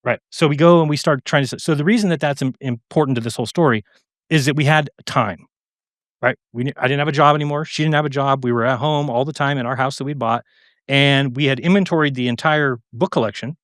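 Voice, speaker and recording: A middle-aged man, an interview guest, telling a long story in a casual, animated way, acting out the lines of the people in it, with many fillers and restarts. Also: medium pitch, fast, dry recording, clean studio sound. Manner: animated, acts out quoted exchanges, frequent fillers and restarts.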